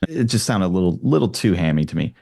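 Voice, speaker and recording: A man guesting on a casual film podcast. He shares his opinions in an easy, relaxed way. His voice sits very low. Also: fast, vocal fry.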